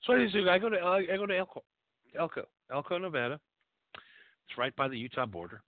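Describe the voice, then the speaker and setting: Fast-talking and high-pitched, a male call-in host launches into crude, profanity-laced rambling with lots of energy. The recording is dry, and the sound is tinny and narrow.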